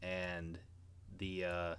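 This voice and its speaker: A man's voice: deep voice, completely flat delivery, very slow, fairly bright tone, clear, resonant tone. A man narrating as game master in an online tabletop game, hesitant and full of restarts. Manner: hesitant, many restarts and fillers.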